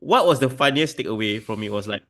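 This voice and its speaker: A man's voice: mid-range voice, animated, fast, fairly bright tone. A man, co-hosting a casual wrestling podcast chat with easygoing, chuckling asides. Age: 30s. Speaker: podcast co-host.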